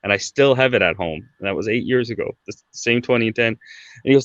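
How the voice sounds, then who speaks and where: A man's voice: mid-range voice, animated, quick pace, no echo, highs cut off. A man in his thirties from Canada, guest on a podcast, telling a personal story in a casual, chatty way, often tagging sentences with "right?". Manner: conversational, fillers like "right?" and "like".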